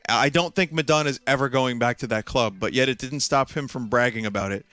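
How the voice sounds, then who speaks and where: A man's voice: medium pitch, a little fast, sharp tone, clear, resonant tone, dry recording, faint music behind. A man streaming a video game, casually telling a long story with lots of fillers, restarts and amused asides.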